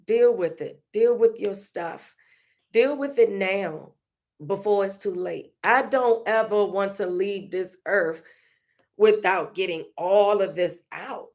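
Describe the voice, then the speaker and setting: A woman hosts a podcast with a casual, reflective monologue, her medium-pitched voice slightly mellow. She speaks slowly and conversationally, gets emotional, laughs often, and repeats phrases.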